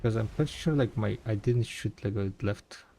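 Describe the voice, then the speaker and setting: A man's voice: on the low side, moderate pace, vocal fry, warm tone. A man live-streaming a game, chatting casually and thinking aloud, rambling and correcting himself as he goes. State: tired, yawning. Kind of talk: casual live-stream chat while playing.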